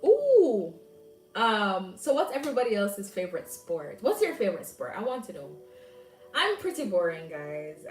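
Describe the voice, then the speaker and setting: Jamaican woman hosting a live chat, lively and laughing, roomy echo, sits back from mic, faint music. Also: medium pitch, far from the mic. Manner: animated, laughing, banters with viewers. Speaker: livestream host. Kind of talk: casual chat reading live comments.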